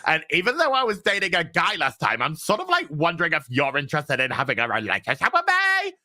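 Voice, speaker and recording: A vague, self-absorbed young heroine hedges through every phrase in a raised, halting voice, as a man does the impression. The tone is bright, and she never quite finishes a thought. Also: fairly high pitch, wildly swooping pitch, voice pushed up, full character voice. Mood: mocking. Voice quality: halting, hedging delivery.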